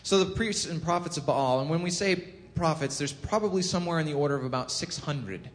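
A man giving a casual sermon, telling a scripture story with lively acted-out quotes and frequent self-corrections. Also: fairly quick. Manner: animated storytelling, acts out quotes with rising pitch and volume; self-corrects, chuckles at own jokes. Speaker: preacher. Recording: long hall reverb.

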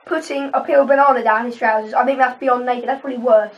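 A woman's voice: a little high, steady tone, fast. A young woman co-hosting a casual podcast, steering the talk back on topic. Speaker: podcast co-host. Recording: dull lo-fi sound.

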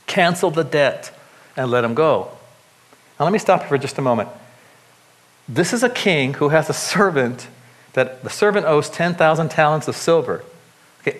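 A man preaching to a congregation in a fairly high voice. He reads scripture and then breaks off into lively, joking asides, often restarting his sentences as he goes. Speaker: pastor. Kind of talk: sermon.

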